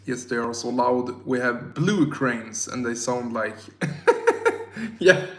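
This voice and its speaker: A man's voice: medium pitch, sing-song, drawn-out words, roomy sound. A tipsy man from Sweden with a Swedish accent, chatting casually on a livestream and reading out chat in a rambling, slangy, self-mocking way.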